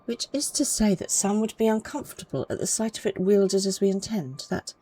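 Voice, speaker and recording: A woman voicing a stern female guard captain in a fantasy game, reading her lines in a formal, measured way. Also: mid-range voice, lively intonation, dark tone, slightly rough, faint music behind, pitched above the performer's own voice, poor audio. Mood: earnest.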